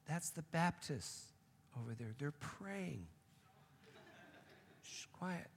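A preacher putting on a heavenly gatekeeper who keeps shushing and speaks in a hushed, secretive way. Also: male voice, mid-range voice, fairly even intonation, measured pace, long reverb tail, slight background noise, voice pushed down, natural voice. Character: hushing old male gatekeeper of heaven.

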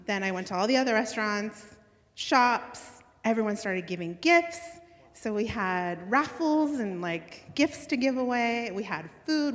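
A woman telling a personal faith story in an earnest, excited way, with lots of "like" fillers and bursts of laughter. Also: mid-range voice. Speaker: speaker sharing a faith testimony. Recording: long hall reverb.

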